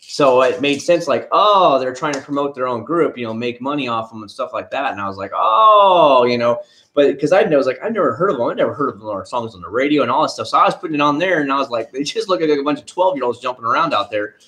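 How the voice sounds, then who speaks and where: A middle-aged man chatting loosely on a live stream, with a middle-pitched voice. He rambles from one tangent to the next, greets viewers by name and swears freely. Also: lively intonation, fast, a bit bright. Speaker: car vlogger reading live chat. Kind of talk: casual live-stream chat.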